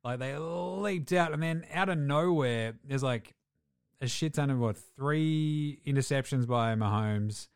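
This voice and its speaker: A man's voice: medium pitch, measured pace, smooth, no room sound, studio quality. A man hosting a casual sports podcast, laid-back, laughing and swearing as he recaps games. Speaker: podcast host.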